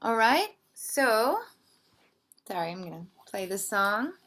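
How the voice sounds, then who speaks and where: A woman's voice: medium pitch, sing-song, slow. A woman teaching a ukulele workshop, explaining strums and counting beats aloud. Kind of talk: music lesson with playing and counting. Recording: loud ukulele behind voice.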